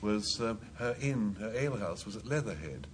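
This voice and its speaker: A man's voice: lowish voice, animated, moderate pace, slight background noise. A man, a team captain on a panel word game, talking in a wry, anecdotal storytelling way.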